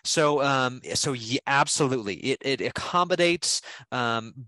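A man as guest expert, explaining software in a friendly, casual way with frequent restarts. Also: mid-range voice, measured pace, dry recording, low-quality recording. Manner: friendly, repeats himself, restarts often.

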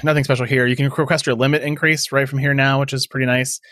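A man's voice: mid-range voice, flat delivery, fast talker, a bit bright, dry recording, clean studio sound. A man co-hosting a casual tech podcast, sarcastic and rambling as he thinks aloud. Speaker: podcast co-host.

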